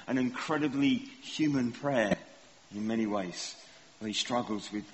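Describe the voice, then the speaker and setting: A man's voice: medium pitch, moderate pace, a little hiss or hum. A middle-aged man preaching a sermon in a conversational, self-deprecating way, often asking the congregation questions. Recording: long hall reverb, faint ambience.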